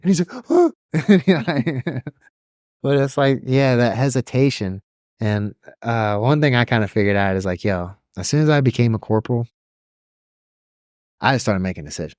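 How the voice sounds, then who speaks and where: A man co-hosting a podcast, chatting casually and telling animated stories, often mimicking people in a higher voice. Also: normal speed, no room sound. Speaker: podcast co-host. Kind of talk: casual chat.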